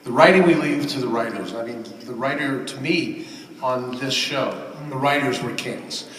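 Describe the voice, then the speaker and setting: A man with a middle-pitched voice answers thoughtfully and earnestly, and his sentences fade away softly at the ends. He is picked up from a distance in a roomy hall with a long echo, with faint ambience underneath. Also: normal speed, a little hiss or hum. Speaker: voice actor panelist. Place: large convention hall. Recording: echoey hall, miked from far off.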